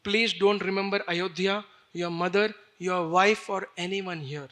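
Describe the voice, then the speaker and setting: A man voicing a devoted royal mother who speaks slowly and earnestly. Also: high voice, fairly even intonation, pushed and bright. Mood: tender.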